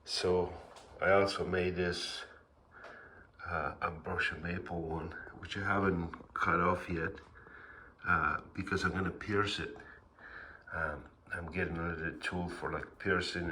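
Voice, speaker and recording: Deep-voiced man narrating his workshop project. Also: unhurried, a little hiss or hum. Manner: relaxed, rambling, with fillers and chuckles. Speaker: woodturning channel host. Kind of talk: casual voice-over narration.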